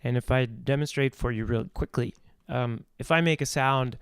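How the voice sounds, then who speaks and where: Dry, clear-voiced man explaining vocal technique. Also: mid-range voice, moderate pace, no room sound. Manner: explanatory, thinking aloud with restarts, sings vowel demonstrations. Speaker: voice teacher. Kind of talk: live-streamed vocal technique talk.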